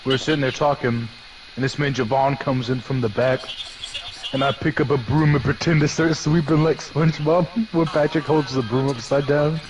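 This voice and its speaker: A man's voice: medium pitch, steady tone, normal speed, background noise. A young man in casual chat, telling stories about an old job and acting out the voices of coworkers. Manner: storytelling, acts out voices of coworkers.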